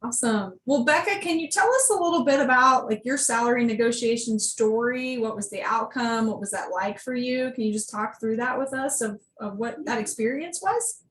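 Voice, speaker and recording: A woman's voice: on the high side, normal speed, hardly any pauses, reverberant, slight background noise. A woman co-hosting a casual interview podcast, upbeat and encouraging as she asks questions. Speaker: podcast co-host.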